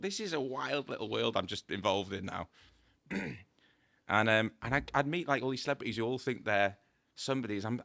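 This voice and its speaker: A man with a low-pitched, forceful voice, recorded dry and close. He tells casual stories as a podcast guest, playing out both sides of each conversation, and he laughs often as he goes. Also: creaky, no echo. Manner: lively storyteller, acts out dialogue, laughs often. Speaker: guest, tattoo artist. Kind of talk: casual anecdote-telling.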